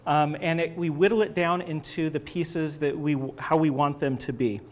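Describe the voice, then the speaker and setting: Man, slightly high voice, casual art presentation, loose and chatty with frequent "um"s and restarts. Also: fairly even intonation, normal speed. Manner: chatty, hesitant with many fillers and restarts. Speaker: book art director presenting artwork.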